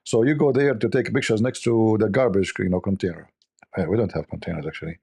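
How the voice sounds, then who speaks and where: A man's voice: fairly low pitch, fast talker, vocal fry, darkish tone, husky. A man from the Middle East with an Arabic accent, hosting a casual livestream chat and telling rambling, joking stories full of "you know". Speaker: livestream host.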